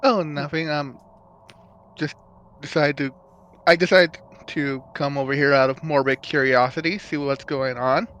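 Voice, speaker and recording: A man playing a tabletop game, musing and hesitant with many pauses. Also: fairly high pitch, fairly even intonation, fairly bright tone, highs cut off. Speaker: player. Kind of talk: casual tabletop play.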